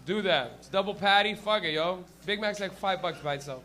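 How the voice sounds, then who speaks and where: Brief: male stand-up host, crude and rambling, high bright voice, small live room. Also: fairly quick. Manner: crude, rambling, swears a lot. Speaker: comedy show host and comic. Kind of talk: stand-up and crowd work. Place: small comedy venue with a live audience.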